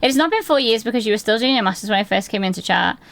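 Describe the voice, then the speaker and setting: Chatty, gravelly woman streamer. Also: on the high side, lively intonation, racing, fairly bright tone, no room sound. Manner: chatty, swears often, self-deprecating, laughs easily. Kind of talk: casual chat reading chat aloud.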